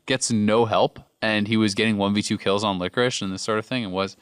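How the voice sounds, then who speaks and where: A man on an esports analysis panel, talking quickly and thinking aloud as he goes. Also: fairly low pitch, steady tone, clear, resonant tone, no echo, clean studio sound. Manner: fast, thinking aloud with restarts. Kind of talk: casual panel discussion.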